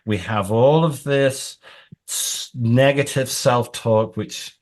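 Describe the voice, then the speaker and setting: A man who works as an executive coach, explaining his points through lively examples and scenarios. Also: medium pitch, takes it slowly. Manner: animated storyteller.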